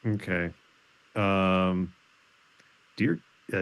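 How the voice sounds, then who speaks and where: Deep-voiced man co-host, curious and halting, stumbles through a listener letter. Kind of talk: casual chat, reading a listener letter.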